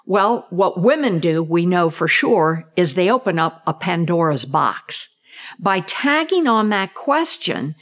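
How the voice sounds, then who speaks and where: A woman communication expert giving an explanatory talk, using short role-play examples to show intonation. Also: medium pitch. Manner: measured, deliberate delivery. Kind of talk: explanatory talk on gendered speech patterns.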